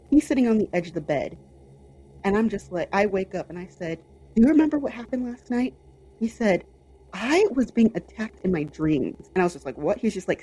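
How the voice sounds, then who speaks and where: A young adult woman co-hosting a podcast, telling a personal story in a casual, animated way. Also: medium pitch, slightly rough. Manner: animated, lots of fillers and quoted inner voice. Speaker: podcast co-host.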